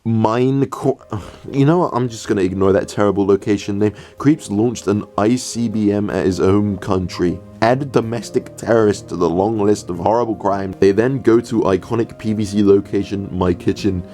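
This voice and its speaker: Low, mellow-voiced sarcastic British reviewer. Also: male voice, fairly even intonation, normal speed, hardly any pauses, soft background music. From United Kingdom. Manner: sarcastic, exasperated. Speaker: host.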